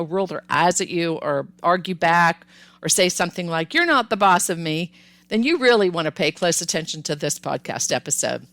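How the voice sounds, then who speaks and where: A woman's voice: mid-range voice, a bit bright, no room sound. Upbeat woman podcast host, dry sound. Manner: upbeat, conversational, acts out child and parent lines. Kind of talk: solo podcast advice talk.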